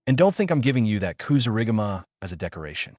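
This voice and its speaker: A gruff, businesslike shopkeeper who sells weapons, as a man plays him. His voice runs low with a wide pitch range. The sound is close and dry. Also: very animated, fast, a little mellow, dry recording. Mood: stern.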